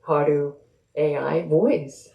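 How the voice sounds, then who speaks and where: A woman's voice: low-pitched, takes it slowly, creaky, highs cut off. A woman author speaking conversationally and reading from her novel at a live bookstore event. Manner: conversational, thinking aloud. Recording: roomy echo.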